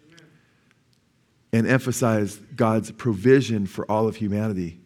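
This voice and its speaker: A man's voice: on the low side, normal speed, a little mellow. Man of sixty preaching with call-and-response. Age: 60s. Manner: asks the congregation questions and waits for the answer; repeats key phrases for emphasis. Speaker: pastor. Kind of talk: sermon. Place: church service.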